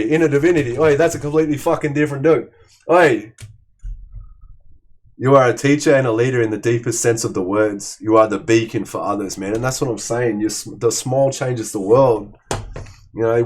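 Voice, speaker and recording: This tarot reader has a deep, darkish voice with a breathy edge. His casual reading is blunt and profanity-heavy, and he keeps calling the listener "man."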